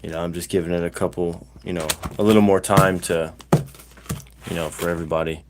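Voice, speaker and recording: Guy, middle aged, kinda low voice, rambling livestream chat w lots of uhs. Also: steady tone, fairly quick, background noise. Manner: rambling storyteller, many fillers and restarts. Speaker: livestream host.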